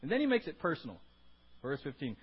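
A man preaching a sermon, animated and acting out scenes, with frequent restarts. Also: fairly high pitch, fast, slightly rough, dull audio. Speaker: pastor.

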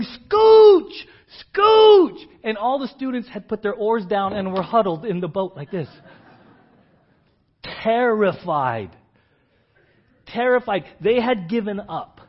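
A middle-aged man preaching a sermon, telling a story and acting out shouted commands with rising pitch and volume. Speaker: pastor. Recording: dull, slightly lo-fi church audio.

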